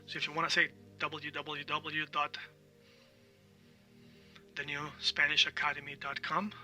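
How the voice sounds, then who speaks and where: Man, language teacher, very bright voice, slightly high pitch, drills words over and over, mic a bit distant, soft music behind. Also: level tone, measured pace. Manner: explanatory, repeats words for drill, frequent "all right?". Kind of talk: online language lesson.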